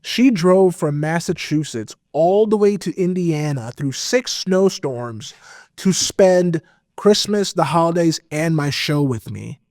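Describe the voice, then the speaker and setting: A man guest on a podcast, telling a personal story in a casual, animated way with lots of fillers. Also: a little high, slow pace, no room sound, clean studio sound. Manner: animated, expressive, full of fillers. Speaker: podcast guest, metal vocalist.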